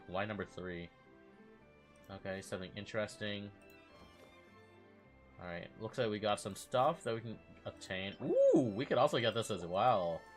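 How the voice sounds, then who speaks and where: A man casually commenting while playing through a game event, reading dialogue aloud and gushing, with lots of ums. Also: on the low side. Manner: chatty, reads game dialogue aloud, gushes, many ums. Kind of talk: casual let's-play commentary.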